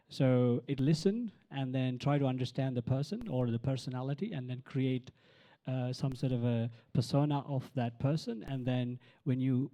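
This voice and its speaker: A man's voice: mid-range voice, mellow. A man presenting a live voice demo at a conference, talking casually with many fillers and restarts. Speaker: event presenter. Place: conference hall with crowd.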